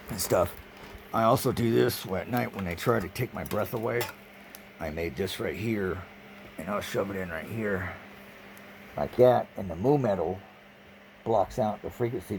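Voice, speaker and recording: Deep gravelly man rambling, noisy recording. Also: a little mellow. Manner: agitated, rambling, repeats himself; swears often. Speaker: vlogger. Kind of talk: rambling video monologue. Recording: noisy background.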